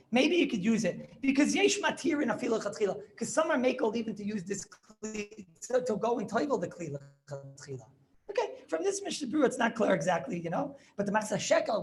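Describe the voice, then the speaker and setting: A rabbi teaching a Talmudic halacha class, arguing through points with rhetorical questions and yeshiva-style English full of Hebrew terms. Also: male voice, high voice, a little hiss or hum.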